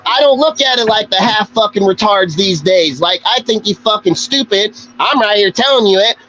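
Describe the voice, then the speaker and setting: A man's voice: high voice, animated, moderate pace, a bit bright, muffled recording. Profane, combative male stream host. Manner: aggressive, profane, confrontational. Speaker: livestream show host. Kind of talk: profane live-stream rant.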